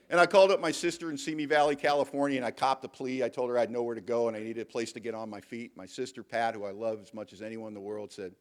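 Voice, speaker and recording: A man's voice: medium pitch, quick pace. Candid middle-aged man telling his story. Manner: candid storytelling, self-mocking, emphatic. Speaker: AA speaker. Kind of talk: recovery talk to a convention audience. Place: convention hall.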